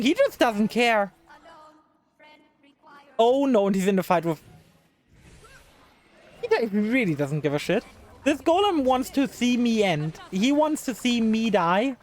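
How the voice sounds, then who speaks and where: A woman's voice: a little high, lively intonation, measured pace, pauses often, a little mellow. Exasperated woman streaming a game. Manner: exasperated, talks to the game characters; swears freely. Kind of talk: live gameplay commentary.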